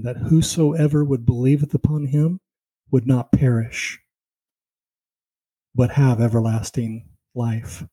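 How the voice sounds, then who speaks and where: A man's voice: medium pitch, fairly even intonation, takes it slowly, pauses often, warm tone, breathy edge, rough recording. A man teaching a Bible lesson in a conversational way, telling personal stories and driving his points home with "see" and "you know.".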